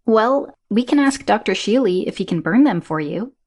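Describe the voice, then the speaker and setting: A cheerful young woman calling out in a high, bright voice in an audiobook, as a female narrator plays her. Upbeat and lively. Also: normal speed, natural voice. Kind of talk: audiobook character reading.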